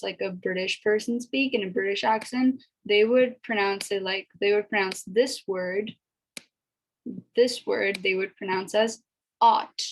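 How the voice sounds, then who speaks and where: A woman giving a casual spoken language lesson, chatty and repeating each sound slowly for learners to copy. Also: mid-range voice, low-quality recording. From America. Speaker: language teacher.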